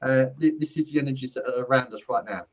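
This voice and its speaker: A man's voice: mid-range voice, quick pace, rough recording. A man who hosts a live stream and gives psychic readings, rambling and repeating his phrases. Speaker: spiritual medium and host.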